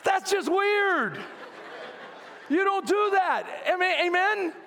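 High-voiced animated male preacher. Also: takes it slowly, vocal fry, a little hiss or hum. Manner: animated, conversational preaching with call-outs to the congregation. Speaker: pastor. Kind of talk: lively sermon. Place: church sanctuary. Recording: long reverb of a church hall.

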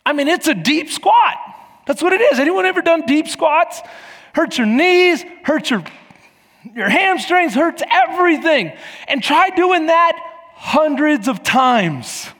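A man in his forties preaching a sermon as pastor, telling stories with lively acted-out voices and shouts. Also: very high-pitched, unhurried, long reverb tail. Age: 40s. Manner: animated storytelling, acting out voices and shouts. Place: church.

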